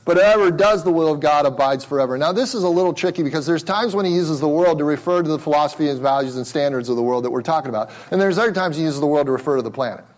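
A man's voice: fairly high pitch, very fast, hardly any pauses. Emphatic male pastor preaching. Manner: emphatic, asks many questions, repeats words when restarting. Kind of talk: sermon.

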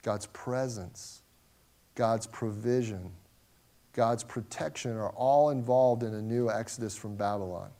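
A man's voice: on the low side, a little slow, mellow. A man teaching through a scripture passage verse by verse, earnest, often repeating and restarting words. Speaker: Bible teacher.

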